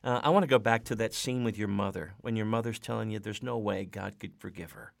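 A male radio host with a low, gravelly voice draws his guest out with measured, leading questions. His sound is dry and close to the mic. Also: no echo. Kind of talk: interviewing a guest on a Christian radio broadcast.

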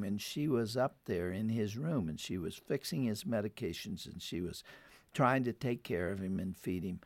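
A man telling a family story in an earnest way, who then turns to warm, urgent encouragement. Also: fairly low pitch, dry recording. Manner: heartfelt, rises to urgent appeals. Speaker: radio program guest.

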